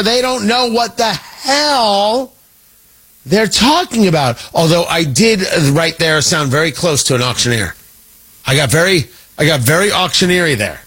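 A man hosting a political commentary show, talking in a sarcastic, animated monologue that swings his pitch for emphasis. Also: a little slow, long pauses, husky. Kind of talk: opinionated monologue.

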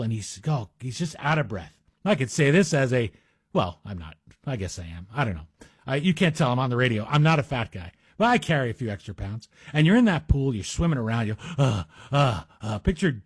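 A man's voice: medium pitch, husky, no room sound, studio quality. A middle-aged man guest hosting a talk radio show, chatty and wry, with self-deprecating asides. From Greek heritage. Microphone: studio microphone.

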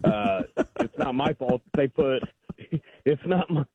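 A man calling in to a talk radio show, making his points in a deliberate, argumentative way over a phone line. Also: mid-range voice, breathy edge, no echo. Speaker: caller.

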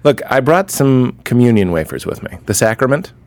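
An actor playing a pushy rent-a-dad who keeps pressing religion in a comedy sketch. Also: male voice, mid-range voice, sing-song, moderate pace, dry recording, close to an everyday voice. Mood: preachy. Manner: probing, sermonizing.

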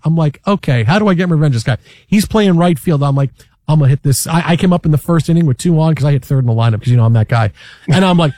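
High-voiced excitable male sports host. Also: quick pace, dry recording. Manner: animated storyteller, acts out quotes, shouts when excited. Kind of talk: casual sports talk.

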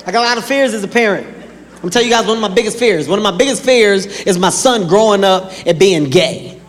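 A man performing a stand-up comedy set, telling animated stories and acting out characters with sudden shouts, in a large live venue. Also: high voice, brisk. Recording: echoey live hall with crowd noise. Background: audience laughter.

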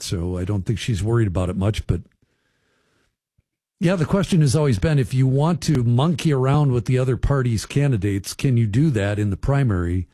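Chatty radio host, dark husky voice. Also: male voice, mid-range voice, no echo. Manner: chatty, folksy asides to listeners. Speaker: radio talk show host. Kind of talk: casual radio talk commentary. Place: radio studio.

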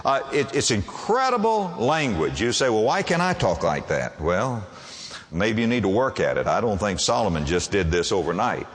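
A man preaching a sermon to a congregation, emphatic and quick to ask them rhetorical questions. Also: on the low side, very animated, in a large hall.

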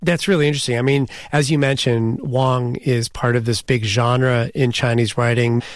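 A male news host interviewing a guest in a measured, conversational way. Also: medium pitch, steady tone, dry recording, studio quality.

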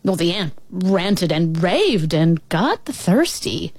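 A woman tells an animal story aloud with lots of expression. She speaks slowly, her pitch rising and falling in a lively way. The sound is close and dry. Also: dry recording. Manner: expressive, addresses listeners as brothers and sisters.

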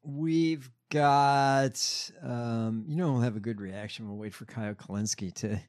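A man co-hosting a podcast, calmly steering casual political talk. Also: medium pitch, measured pace. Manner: calm, steering the conversation. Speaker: podcast co-host.

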